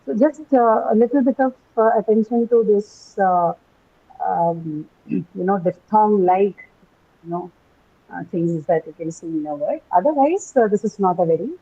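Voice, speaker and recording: A woman's voice: mid-range voice, normal speed, slightly rough. Patient woman teaching over muffled audio. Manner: patient, explains step by step with many ums and rights. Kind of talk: online English phonetics class.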